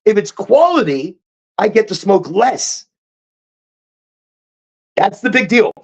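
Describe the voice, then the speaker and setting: A man hosting a casual livestream chat, high and rambling, repeating himself and chuckling at his own jokes. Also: sing-song, slow, creaky, highs cut off. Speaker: podcast host.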